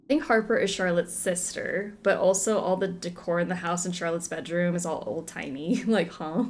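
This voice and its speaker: A woman's voice: on the low side, normal speed. A young woman chatting through a video game playthrough, giggly and second-guessing herself. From Southern United States. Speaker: game streamer. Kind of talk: casual let's-play commentary.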